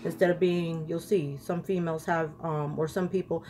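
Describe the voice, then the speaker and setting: A woman's voice: deep voice, steady tone, normal speed, a little mellow. A woman chatting to her viewers while doing a makeup tutorial, ranting casually about lashes and palettes. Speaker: beauty vlogger.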